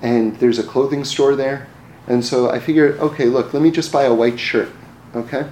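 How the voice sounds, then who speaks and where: A man's voice: medium pitch, steady tone, normal speed, a little mellow, a little hiss or hum. Man telling stories in an echoey room. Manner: repeats words in restarts, chuckles at his own stories. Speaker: speaker telling personal stories. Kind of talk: casual storytelling talk. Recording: roomy echo, faint ambience.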